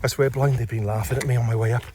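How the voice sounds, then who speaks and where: A man's voice: medium pitch, fairly even intonation, very fast, noisy background. A man, chatting casually into a handheld phone outdoors on a hillside, rambling and self-deprecating. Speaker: amateur radio vlogger. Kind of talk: casual hiking vlog narration.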